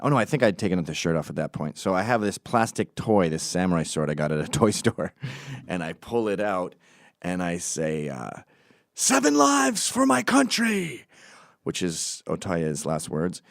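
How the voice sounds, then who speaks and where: A man's voice: low voice, moderate pace, dry recording, clean studio sound. A man hosting a podcast, telling a story in a mocking, profane way and acting out the quotes. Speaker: podcast host. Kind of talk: casual storytelling monologue.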